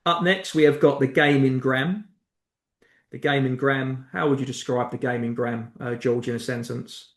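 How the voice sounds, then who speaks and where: A man's voice: mid-range voice, steady tone, moderate pace, a bit bright. Male podcast co-host, dry mock-serious riffing, echoey room sound. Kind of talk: comedic podcast banter. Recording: roomy echo.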